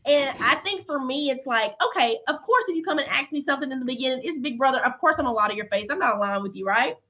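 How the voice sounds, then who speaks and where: Woman, interview guest, fairly high pitch, emphatic storytelling, repeats herself. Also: animated, fast, bright, forceful tone. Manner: emphatic, repeats phrases, acts out quotes. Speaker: reality show contestant guest.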